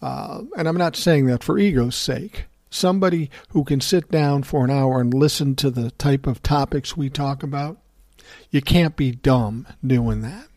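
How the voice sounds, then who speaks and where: A man's voice: medium pitch, measured pace, a little mellow, no room sound, clean studio sound. Profane, fired-up older man ranting. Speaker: podcast host. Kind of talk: solo political commentary.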